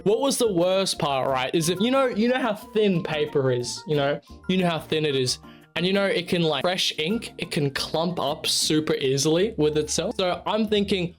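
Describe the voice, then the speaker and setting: A man's voice: fairly high pitch, measured pace, faint music behind. A young man, casually telling a story to the camera in a rambling, self-mocking way with plenty of swearing. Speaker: channel host.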